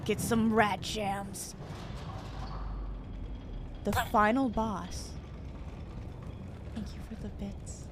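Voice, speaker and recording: A young woman streaming a video game live, excitable, shrieking and yelling when things get tense. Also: mid-range voice, extremely slow, long pauses. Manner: excitable, shrieks and yells under pressure. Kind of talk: live gameplay commentary. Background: game music.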